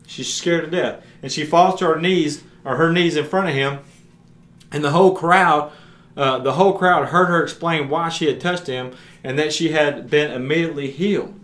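A man's voice: on the high side, fairly bright tone. A man teaching a Bible passage on his podcast. He retells scripture earnestly in plain everyday words. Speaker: podcast preacher. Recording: roomy echo.

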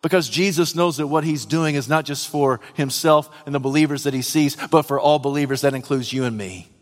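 A man preaches a sermon in a fairly high voice. He swings dramatically from near-whispers to loud shouts. A long reverb trails each phrase. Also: a little fast. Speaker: pastor.

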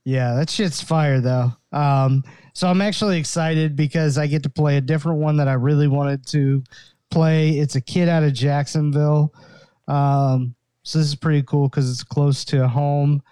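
A man co-hosting a podcast in casual chat, relaxed and jokey, drawing out his words. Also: a little high, clean tone, no room sound. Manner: relaxed, jokey, drawn-out delivery. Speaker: podcast co-host.

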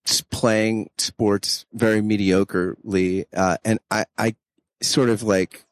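A man's voice: lowish voice, steady tone, takes it slowly, no room sound. A male interviewer thinking aloud, restarting his sentences and repeating words. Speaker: interviewer, host. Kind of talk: casual interview talk.

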